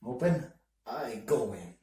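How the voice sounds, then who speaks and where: A man playing a tabletop game, calmly describing his character's actions. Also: mid-range voice, takes it slowly, roomy sound, recorded from a distance. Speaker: player.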